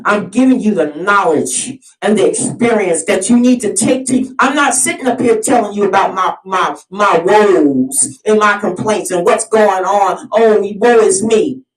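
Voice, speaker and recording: A fired-up woman hosts her own video series, preaching in a heated solo monologue. She keeps repeating and restarting phrases as she pushes her point. Her voice sits in the middle range and comes from some distance in a roomy, echoing space. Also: mid-range voice. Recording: roomy sound, mic at a distance.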